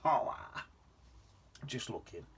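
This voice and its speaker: A man's voice: slow pace, a bit bright, a little hiss or hum. A man giving a casual watercolour painting demonstration, rambling along with muttered asides to himself. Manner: chatty, rambling self-talk with muttered asides. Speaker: painting teacher.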